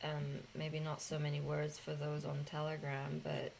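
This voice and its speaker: A woman's voice: low-pitched, completely flat delivery, moderate pace, vocal fry, darkish tone, slight background noise, low-quality recording. A woman hosting a casual spiritual gathering, talking in a loose, rambling way with fillers and the odd swear.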